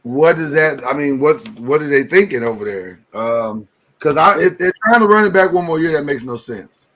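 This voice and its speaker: A man hosting a podcast in casual chat, animated, rambling and restarting his sentences, with sudden jumps up in pitch and loudness. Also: moderate pace. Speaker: podcast host.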